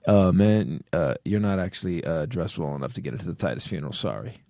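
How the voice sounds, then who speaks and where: A man's voice: deep voice, expressive, fast, vocal fry, mellow, no echo, studio quality, voice pushed down. A man voicing a curt male doorman who turns people away at a velvet rope, mumbling and dismissive.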